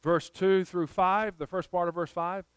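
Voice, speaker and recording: A man's voice: high-pitched, steady tone, measured pace, fairly bright tone, clear, resonant tone, no echo. A man preaching a sermon, telling a personal story and rising to emphatic appeals.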